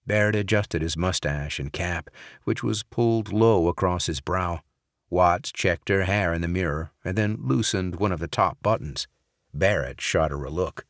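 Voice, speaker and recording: Brief: male thriller audiobook narrator, very low voice, dry close sound. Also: no room sound. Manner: measured, even storytelling. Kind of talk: scripted narration.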